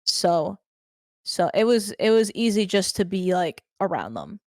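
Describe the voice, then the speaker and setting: A young woman being interviewed about her life, answering in a halting, unhurried way with plenty of fillers. Her voice sits at an ordinary pitch and sounds dry and close to the mic. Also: very animated, dry recording. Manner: hesitant, halting, with fillers and soft laughs. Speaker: streamer guest.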